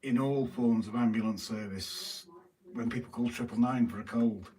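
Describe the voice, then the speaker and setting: A British man trades teasing banter while reading out viewer comments on a casual live stream. His voice sits some way back from the mic, with a faint hiss of noise underneath. His pitch is mid-range for a man. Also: fairly even intonation, normal speed, darkish tone, far from the mic. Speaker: livestream co-host.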